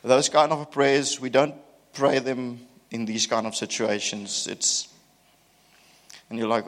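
A male preacher at a middle pitch, telling the story with lively, self-mocking humor. He swings between loud emphasis and quiet asides as he preaches. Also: slow, pauses often. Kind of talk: sermon.

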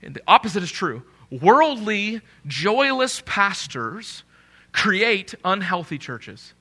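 A man preaching a live sermon as a pastor in a church, joking with the congregation and repeating key phrases slowly for emphasis. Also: sits high, very animated, pushed and bright, husky.

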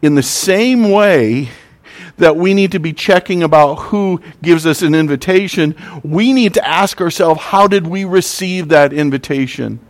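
A man preaching a sermon, telling stories and acting out the voices in them. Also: a little high. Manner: preaching with scripture readings and sung verses. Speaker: pastor.

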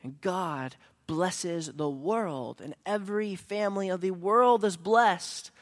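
Man, pastor, sermon, fairly high voice, storytelling, hushed to emphatic. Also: slow pace, few pauses.

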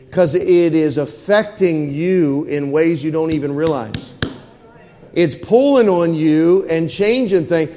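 A pastor with a high, slightly mellow voice preaches in a church hall, folksy in manner and often asking the congregation whether they follow him. His words fade into a long church reverb.

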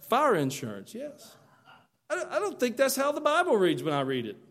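A man pastor preaching a sermon in a church, folksy and animated, swinging from loud urging to soft confiding. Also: extremely high pitch, normal speed. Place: church sanctuary.

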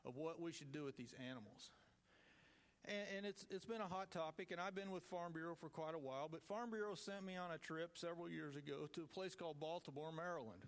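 Folksy man preaching casually. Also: a little high. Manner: folksy, conversational, jokes with the audience. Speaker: lay preacher with a farm group. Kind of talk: informal sermon.

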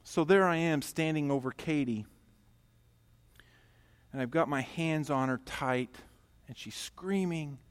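A middle-aged pastor preaching a sermon, telling a personal story and moving from loud emphatic passages to quiet, intimate ones. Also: male voice, on the high side, unhurried, pauses often, clean tone.

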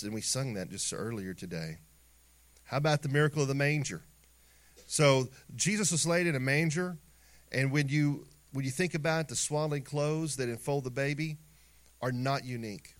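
A middle-aged man preaching a sermon in an animated way, acting out little scenes and dropping into quiet asides. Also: medium pitch. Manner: animated preaching with acted asides and sung snippets. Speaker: pastor.

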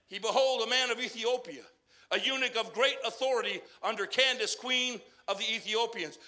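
A man from Arizona preaching a folksy sermon, repeating himself as he builds to loud exhortation and then drops quiet. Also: very high voice.

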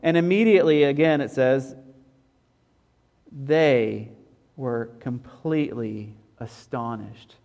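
A man preaching a sermon as a pastor, earnest, repeating key phrases slowly. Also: medium pitch, a little mellow. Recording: long hall reverb.

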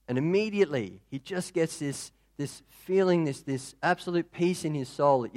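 A man telling a story in a relaxed, conversational sermon. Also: fairly high pitch, normal speed, hardly any pauses.

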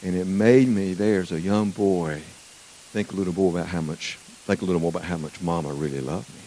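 Folksy preacher telling stories. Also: male voice, sits low, a little fast, a little hiss or hum. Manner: folksy, animated storyteller. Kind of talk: sermon with personal storytelling.

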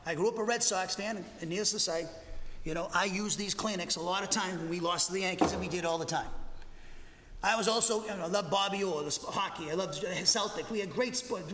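High, bright-voiced male preacher. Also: fairly quick, big-room sound, a little hiss or hum. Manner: animated, conversational preaching with restarts. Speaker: pastor. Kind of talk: expository sermon. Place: church sanctuary.

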